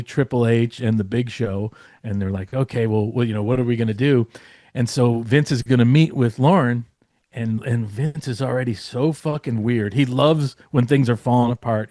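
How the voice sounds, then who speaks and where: Male guest storyteller, mid-pitched, loose and rambling, curses freely, dry close mic. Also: a little mellow, dry recording. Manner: rambling, profane, lots of fillers. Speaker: podcast guest, former comedy writer. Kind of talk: casual storytelling.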